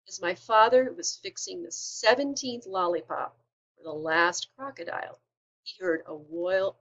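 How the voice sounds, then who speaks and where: A woman teacher reading a children's storybook aloud with expressive delivery. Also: lowish voice, a little slow, dull audio.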